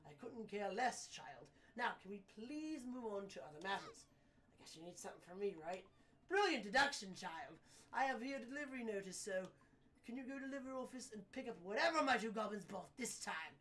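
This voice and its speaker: A woman's voice: medium pitch, lively intonation, fairly quick, fairly bright tone, far from the mic, lightly acted. A woman voicing a sarcastic, theatrical male painter with mock-grand exclamations.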